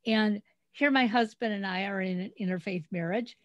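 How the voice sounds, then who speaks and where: A middle-aged woman hosts a podcast and retells family stories in a chatty, animated way. Her voice sits at a middle pitch. The recording is dry and close, with no room sound, over a remote call. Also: moderate pace, no echo, dull audio. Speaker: podcast host. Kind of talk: casual interview chat.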